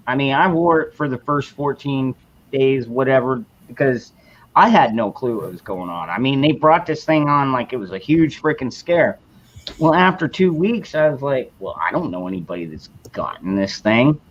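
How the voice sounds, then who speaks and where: A man in his forties hosting a podcast, talking in a blunt, profane, rambling way. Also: mid-range voice. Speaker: podcast host. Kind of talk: casual chat. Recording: dull lo-fi sound.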